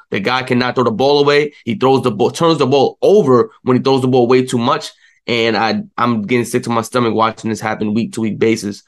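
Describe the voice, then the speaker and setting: A young man co-hosting a sports talk show, ranting in a frustrated, animated way, with many fillers. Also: medium pitch. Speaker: sports podcast co-host.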